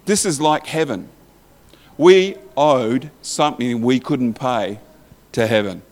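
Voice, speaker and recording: A man's voice: medium pitch, slow pace, darkish tone. A man preaching a sermon in a conversational way, reading scripture aloud and asking the listeners questions.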